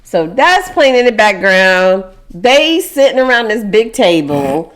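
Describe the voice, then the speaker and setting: A woman co-hosting a podcast, chatting casually as an animated storyteller. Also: mid-range voice, unhurried. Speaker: podcast co-host. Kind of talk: casual chat.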